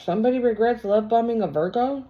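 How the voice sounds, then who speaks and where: A woman's voice: fairly high pitch, quick pace, a little hiss or hum. A woman doing a casual tarot reading, talking bluntly with slang and profanity. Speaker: tarot reader. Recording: lo-fi recording.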